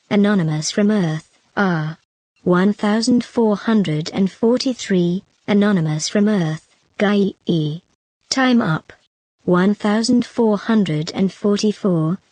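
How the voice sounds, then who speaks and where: Female narrator, steady list-reading of chat comments, mid pitch, dry recording. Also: no echo. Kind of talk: reading out numbered chat comments from a web novel.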